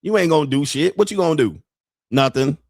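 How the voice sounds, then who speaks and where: A man's voice: on the high side, lively intonation, brisk, creaky, no room sound, clean studio sound. A man in his fifties, a show host doing a profane, mocking comedic rant and laughing at his own jokes. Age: 50s. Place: home studio.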